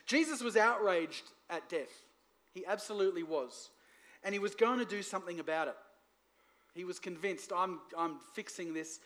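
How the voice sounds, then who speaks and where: High-voiced man preaching a lively sermon. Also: normal speed. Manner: lively preaching, asks the congregation for responses. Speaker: pastor. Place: church.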